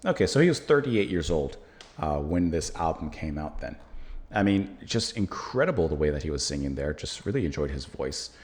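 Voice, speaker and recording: A man's voice: rumbling low, very animated, normal speed, darkish tone. An American man hosting a music reaction channel, musing aloud in casual talk with plenty of fillers as he reviews a song.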